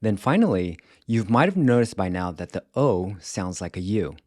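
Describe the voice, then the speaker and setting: A man teaching a language lesson in a scripted, careful way, repeating words slowly to show how they are said. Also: lowish voice, very animated, a little mellow, dry recording, studio quality. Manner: slow, careful, demonstrates pronunciation by repeating words.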